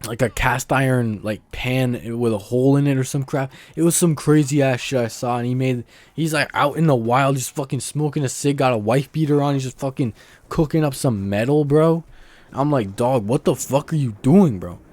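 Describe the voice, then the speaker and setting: A man's voice: mid-range voice, normal speed, darkish tone, no echo. A young man rambling in a casual, profane, slang-heavy monologue about hobbies, often breaking into laughter. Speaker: vlogger. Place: outdoors near a road.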